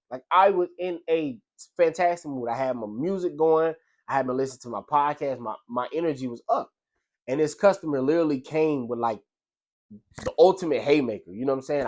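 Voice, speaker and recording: A man, a delivery driver, giving a casual motivational talk in a loose, slangy storytelling manner. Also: mid-range voice. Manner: loose, slangy storytelling with frequent "you know what I'm saying". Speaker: delivery driver sharing life lessons.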